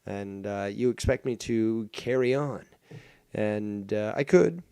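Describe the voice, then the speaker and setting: In a lowish, mellow voice with a clear, resonant tone, a livestream host takes his time, though he rambles profanely and mockingly with many fillers and restarts. The recording is dry for this casual rant.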